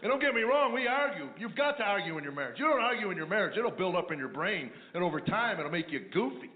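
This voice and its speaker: A man doing a stand-up comedy routine, telling stories about marriage in a dry, deadpan way, with mumbling asides in other voices. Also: sits high, fast. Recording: echoey, tinny lo-fi radio replay of a live set.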